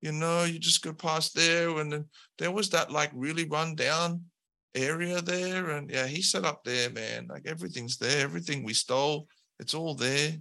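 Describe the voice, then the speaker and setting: A man's voice: fairly high pitch, fairly even intonation, moderate pace, vocal fry, sharp tone, pitched above the performer's own voice. A man voicing a careless young male thug who drawls and keeps saying "man" and "like". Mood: offhand. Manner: drawling, peppers speech with "man" and "like".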